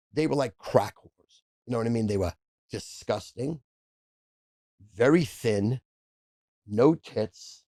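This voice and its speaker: As a podcast guest, a man in his sixties with a gravelly, husky voice rattles off casual stories full of profanity at a rapid clip. His low, dark voice sounds dry and close to the mic, with no echo.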